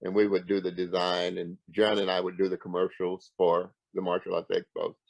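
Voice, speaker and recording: The recording is dry and lo-fi, capturing an older man's low, gravelly voice moving a little fast. A martial arts grand master being interviewed, he tells casual stories with animation, voicing quoted dialogue and restarting frequently.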